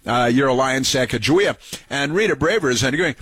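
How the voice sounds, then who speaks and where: A man's voice: mid-range voice, animated, fairly quick, a bit bright, husky, no echo. Sarcastic male radio talk host. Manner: sarcastic, mocking, repeats phrases for emphasis. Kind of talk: political commentary over played clips.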